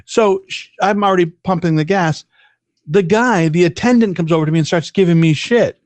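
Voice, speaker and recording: A man's voice: high voice, brisk, darkish tone, dry recording. A man co-hosting a podcast, telling a long profane story in casual chat, with many restarts. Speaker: podcast co-host.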